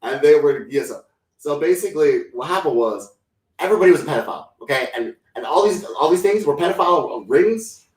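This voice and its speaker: A man's voice: a little high, animated, a little fast. A man co-hosting a casual comedic chat, rambling and slangy, often breaking into silly impressions. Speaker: podcast co-host. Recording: echoey room, mic at a distance.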